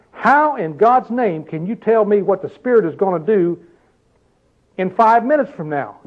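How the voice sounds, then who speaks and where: An older male preacher with a high voice delivers a sermon in a loose, conversational way and keeps asking his listeners questions. The recording is dull and lo-fi. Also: lively intonation, normal speed.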